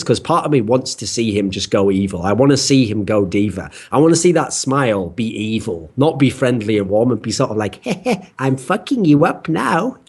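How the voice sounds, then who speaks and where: A man co-hosting a podcast, chatting casually and excitably, dropping "mate" and laughing along. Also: on the low side, breathy edge. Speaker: podcast co-host.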